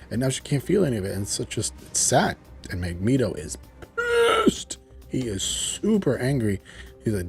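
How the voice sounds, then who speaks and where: A man excitedly recapping a TV episode in a rambling, chatty way, full of "like" and "you know". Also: mid-range voice, fairly quick, gravelly, faint music behind. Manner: enthusiastic, rambling storytelling with frequent "like" and "you know". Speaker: TV show reviewer.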